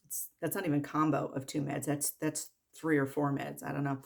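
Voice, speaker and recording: A woman's voice: deep voice, flat delivery, creaky, darkish tone. Exasperated woman ranting about patients. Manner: exasperated, repetitive, rapid-fire lists. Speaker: medical worker. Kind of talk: ranting vlog monologue.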